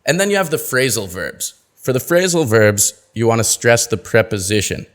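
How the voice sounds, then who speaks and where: A man teaching pronunciation in a webinar, reading out example words with deliberate, exaggerated word stress. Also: medium pitch, very animated. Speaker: pronunciation coach. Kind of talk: webinar lesson.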